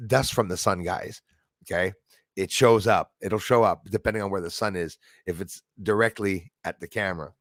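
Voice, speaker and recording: A man's voice: lowish voice, gravelly, no room sound, clean studio sound. A man hosting a live stream, chatting casually, laughing easily and thanking viewers by name. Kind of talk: casual chat reading viewer comments.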